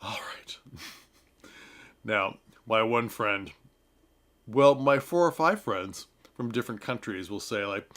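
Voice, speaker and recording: A man's voice: fairly low pitch, expressive, slow pace, pauses often, fairly bright tone. A man reviewing a play in a casual talk, chatty and advice-giving, laughing often and slipping into playful mock voices. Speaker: theater reviewer. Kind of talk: casual talking-head commentary.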